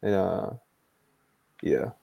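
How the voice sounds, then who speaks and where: A man's voice: low voice, lively intonation, very slow, creaky, husky, no echo, muffled recording. A man hosting a casual wrestling podcast, talking loosely with lots of filler words and reading out viewer messages over a video call. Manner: laid-back, trailing filler words, reads out super chats. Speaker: podcast host.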